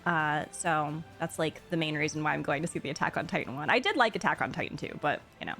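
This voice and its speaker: Young woman streamer from Florida, gushy chatter that swoops high, soft music under her. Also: gravelly. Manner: bubbly, gushing, quick gasps of excitement. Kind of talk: casual chat with live viewers. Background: faint game music.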